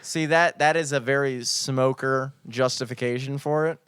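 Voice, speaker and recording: A man's voice: medium pitch, steady tone, moderate pace, fairly bright tone, clean tone, no room sound. A young man co-hosting a podcast, telling a story in a casual, profane, mock-outraged way. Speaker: podcast co-host.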